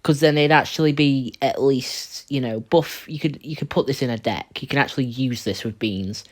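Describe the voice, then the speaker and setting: A man's voice: medium pitch, moderate pace. A man giving casual tier list commentary on a card game, rambling and blunt, often stumbling and restarting his words. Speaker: card game video creator.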